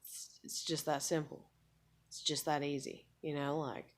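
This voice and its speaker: A woman's voice: deep voice, level tone, a little slow. A woman in her thirties venting in a rambling, casual monologue, frustrated and swearing often. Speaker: vlogger.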